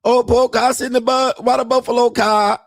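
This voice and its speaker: A man putting on a high, wheedling young Thai bar girl in a mock Thai accent, speaking broken English and tacking "sir" onto every line. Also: little pitch movement, a little fast, gravelly, no room sound, clean studio sound. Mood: protesting innocence. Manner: sing-song, wheedling, keeps adding "sir" and "Po". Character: pleading young Thai bar girl woman, sweet-talking.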